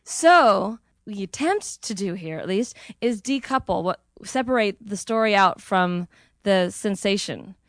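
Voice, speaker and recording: A woman hosts a live storytelling event in a chatty, loose way, full of fillers and light laughter. She speaks slowly, and her voice sounds close and dry. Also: mid-range voice, expressive, dry recording. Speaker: event host. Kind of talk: casual hosting chat.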